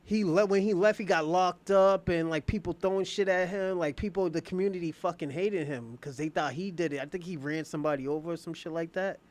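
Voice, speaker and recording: A man's voice: high voice, a little fast, few pauses. A man streaming from home, casually retelling a drama in slangy, profane, rambling talk full of fillers. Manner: slangy, profane, loose storytelling with many fillers. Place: at home, indoors.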